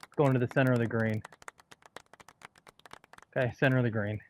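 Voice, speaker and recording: A man speaks casually while playing a round outdoors, calling his club and target before each shot. He is plain-spoken and gets mildly frustrated when things go wrong. His voice has a middle pitch. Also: steady tone, fairly quick, a little hiss or hum. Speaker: golfer and co-host. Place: outdoors on a golf course.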